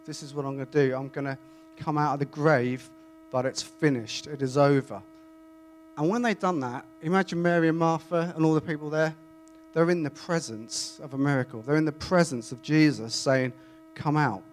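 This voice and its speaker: A man reading scripture aloud and then preaching in a chatty, animated way to a congregation. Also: fairly high pitch, moderate pace, soft background music. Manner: conversational, animated, self-interrupting. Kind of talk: Bible reading and informal sermon. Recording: faint mains hum.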